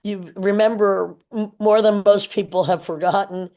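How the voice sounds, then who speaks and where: A podcast host interviewing a guest in a music museum, with enthusiastic, quick reactions and plenty of praise. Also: mid-range voice, fairly even intonation, mellow. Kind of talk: casual interview chat.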